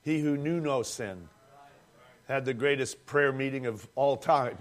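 A man's voice: mid-range voice, unhurried. A man preaching a sermon, telling a story dramatically and calling the congregation friends.

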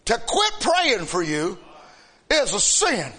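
A man in middle age preaches a fiery sermon in a very high voice. His sharp, bright tone rings out as he shouts to the congregation. Then he pulls back to slow, hushed words. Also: wildly swooping pitch. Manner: impassioned, shouting preaching with sudden drops to soft speech.

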